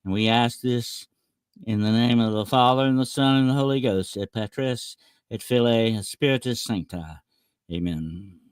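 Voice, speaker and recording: A man's voice: mid-range voice, clear, resonant tone, no room sound. Man leading a solemn spoken prayer. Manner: jokey in chat, measured and solemn in prayer. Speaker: guest. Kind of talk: casual interview and spoken prayer.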